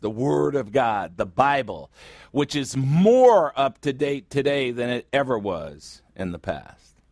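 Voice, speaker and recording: A man's voice: mid-range voice, no echo. Blunt, sarcastic preacher man, dry sound. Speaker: pastor. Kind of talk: sermon.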